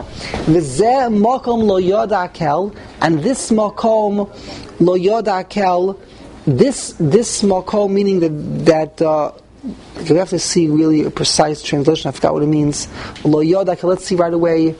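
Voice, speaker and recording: A man's voice: high-pitched, unhurried, dark tone, slight background noise, poor audio. A man teaching a text-study class, reading passages aloud and translating them as he thinks aloud. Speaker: Torah teacher.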